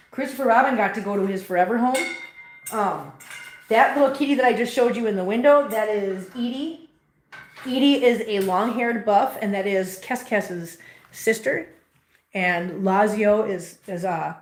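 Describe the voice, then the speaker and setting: Woman chatting on a laptop livestream at home, kinda high voice, roomy echo, coos at her cats a lot. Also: a little hiss or hum. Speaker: host. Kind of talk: casual livestream chat. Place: home room full of cats. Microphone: laptop mic.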